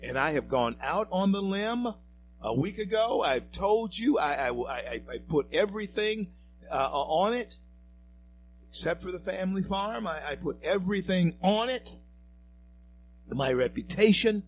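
High-pitched with big pitch swings, this radio host speaks at a measured pace over a little hiss or hum. His political commentary is emphatic and preachy, aimed straight at listeners he addresses as folks and friends.

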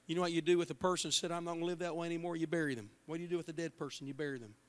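A male pastor preaching a passionate sermon in a church, moving from hushed words to shouts, with a Midwestern American accent. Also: a little high, fairly even intonation, very fast, clear, resonant tone. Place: church sanctuary.

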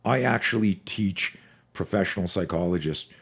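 Deep husky man, profane storyteller. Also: normal speed. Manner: energetic, profane, storytelling with acted quotes. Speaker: fear management expert, podcast guest. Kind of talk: podcast conversation.

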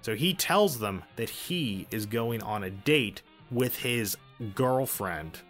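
A man's voice: medium pitch, lively intonation, takes it slowly, a bit bright, faint music behind. Wry male podcast storyteller. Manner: wry, joking asides. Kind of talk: casual storytelling.

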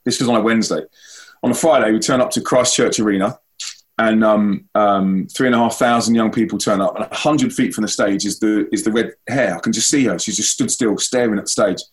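A young man from a Christian band, telling a long story to a school audience and acting out the voices in it. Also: fairly quick. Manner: animated, acts out quoted voices with big pitch leaps. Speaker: Christian band member giving a school talk. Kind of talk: storytelling speech.

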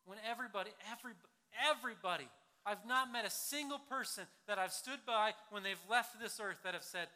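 A male pastor preaching a sermon, swinging between loud punchy emphasis and hushed low lines, acting out quotes as he goes. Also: brisk, hardly any pauses. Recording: long hall reverb.

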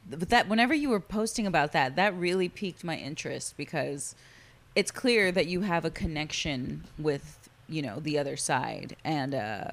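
A woman's voice: low voice, normal speed. A woman hosting a casual chat, supportive and laid-back, often affirming her guest.

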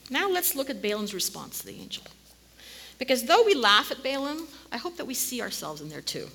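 A woman preaching a sermon, telling the story in an animated way and sometimes dropping to a near-whisper. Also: fairly high pitch, a little fast, gravelly, breathy edge. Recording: long hall reverb.

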